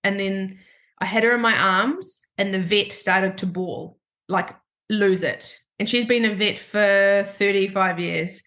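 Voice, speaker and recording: An Australian woman hosting a podcast, telling a personal story in an emotional, animated way and acting out the dialogue. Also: medium pitch, unhurried. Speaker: podcast host.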